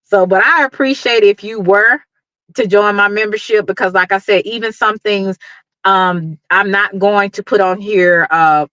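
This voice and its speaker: On her YouTube livestream, a middle-aged Dallas woman gives viewers a forceful, sermon-like pep talk punctuated by lots of laughter. Her voice is lowish with a fairly bright tone, recorded lo-fi without echo.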